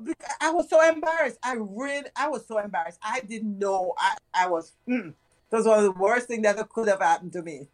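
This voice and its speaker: A middle-aged Jamaican woman in casual chat, telling stories in an animated way and laughing often. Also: medium pitch, fairly quick, no echo. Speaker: guest.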